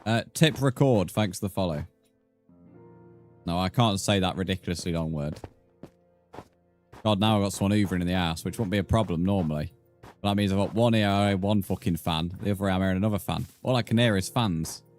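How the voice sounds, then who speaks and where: A man's voice: deep voice, a little fast, long pauses, a little mellow, soft background music. A British man chatting casually with viewers during a live game stream, bantering and thanking followers. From Britain. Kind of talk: casual live-stream chat while gaming.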